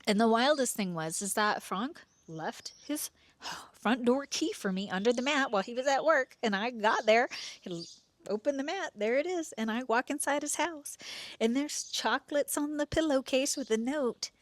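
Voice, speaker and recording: A woman in her forties hosting a podcast, telling a personal story in a casual, animated way, dropping to hushed asides and acting out what people said. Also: a little high, normal speed. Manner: animated, drops to hushed asides, quotes herself.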